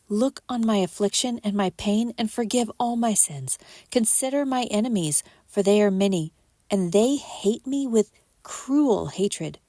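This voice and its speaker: A woman hosting a podcast, reading scripture aloud at a measured pace and lifting her voice for quoted speech. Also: medium pitch, warm tone, no room sound, studio quality.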